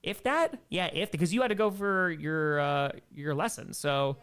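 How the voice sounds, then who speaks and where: A man with a slightly raised, light voice hosts a relaxed livestream Q&A. He talks in a loose, rambling, enthusiastic way and stops now and then to thank donors before carrying on. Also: a little high, moderate pace, clean tone. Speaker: livestream host answering viewer questions. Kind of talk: casual chat.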